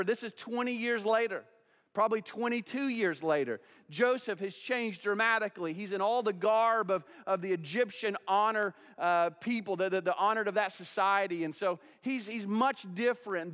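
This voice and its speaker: High-voiced preaching man in a reverberant church. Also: fairly bright tone. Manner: preaching with rhetorical questions, acting out both sides of dialogues. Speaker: pastor. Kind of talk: sermon. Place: church sanctuary. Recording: church sanctuary with long reverb.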